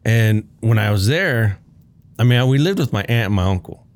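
Casual young guy, low-ish voice, relaxed anecdote telling. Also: normal speed. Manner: laid-back, swears often, laughs while telling. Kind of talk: casual storytelling chat.

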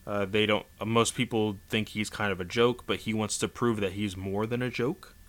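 A man's voice: on the low side, fairly even intonation, normal speed, fairly bright tone. A man casually recapping a comic chapter in a rambling way, with many fillers and restarts. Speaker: manga chapter reviewer.

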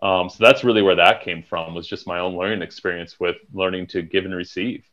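A man's voice: low voice, fairly even intonation, fairly quick, a bit bright. A man talking candidly and reflectively in a podcast conversation, swearing casually. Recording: dull lo-fi recording.

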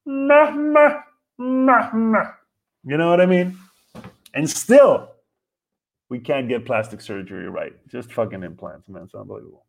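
A man hosting his comedy podcast in a casual monologue, animated and profane, firing off rhetorical questions and swinging from loud outbursts to quiet asides. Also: mid-range voice, normal speed, vocal fry.

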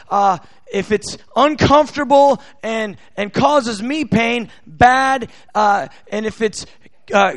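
An American man delivers a sermon in a fairly high voice, his delivery halting with many restarts before it swells into shouted, impassioned prayer. The sound is dry and close, with little room around it. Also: no room sound. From United States. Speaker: preacher.

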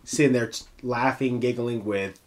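A man's voice: medium pitch, fairly even intonation, moderate pace. A man co-hosting a casual TV recap chat, with a teasing, joking way of talking. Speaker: podcast co-host.

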